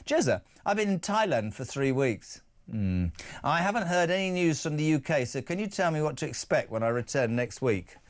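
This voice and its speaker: A man's voice: fairly high pitch, big pitch swings. A middle-aged man hosting a talk radio show, reading out listener texts with jokey asides. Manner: jokey, quick asides, laughs at own lines. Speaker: stand-in radio host.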